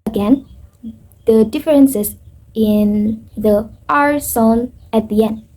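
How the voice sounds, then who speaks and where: A young woman from Indonesia with an Indonesian accent, giving a careful, halting class presentation that reviews her own pronunciation. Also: on the high side, warm tone, poor audio. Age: young adult. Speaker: student.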